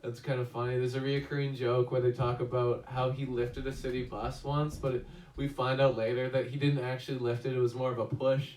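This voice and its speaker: A man's voice: mid-range voice, level tone, fairly quick, a little mellow, a little hiss or hum. Rambling man reviewing a movie, echoey. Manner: rambling, many fillers and restarts. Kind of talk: casual movie review chat. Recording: echoey room, distant mic.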